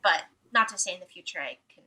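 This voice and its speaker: A woman's voice: fairly low pitch, expressive, quick pace, sharp tone, poor audio. A young woman, a musician guest on a podcast, speaking casually and hesitantly with many fillers as she searches for words. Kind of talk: casual conversational interview.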